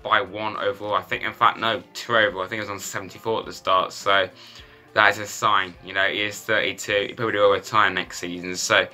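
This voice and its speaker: A man commentating his football video game in a lively, self-mocking way. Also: lowish voice, fast talker, soft background music. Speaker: gaming YouTuber.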